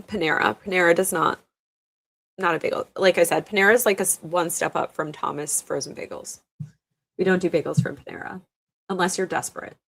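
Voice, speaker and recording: Chatty woman host, slightly low voice. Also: gravelly. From New York State. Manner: chatty, laughs often, many ums. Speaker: livestream host. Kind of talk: casual chat reading viewer comments.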